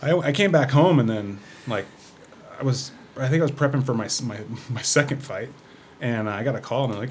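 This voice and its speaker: Fast-talking man telling a rambling story. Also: mid-range voice, slight background noise. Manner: rambling, full of fillers and restarts. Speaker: podcast guest, former fighter. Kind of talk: casual storytelling chat.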